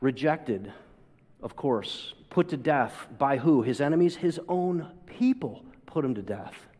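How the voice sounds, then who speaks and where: A man's voice: medium pitch, animated, measured pace, a little mellow, husky. A man preaching a sermon, asking rhetorical questions and acting out quoted voices with dramatic swings. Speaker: pastor. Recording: long hall reverb.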